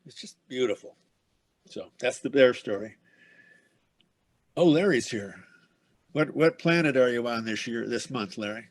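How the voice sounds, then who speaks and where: A man's voice: mid-range voice, animated, unhurried, long pauses. A man hosting a book club, telling a rambling anecdote and laughing as he goes. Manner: rambling, laughs through his story.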